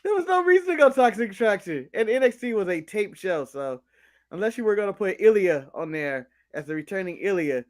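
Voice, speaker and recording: American male co-host, high voice, rambling and joking. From United States. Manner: joking, rambling, apologetic asides. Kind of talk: casual podcast chat.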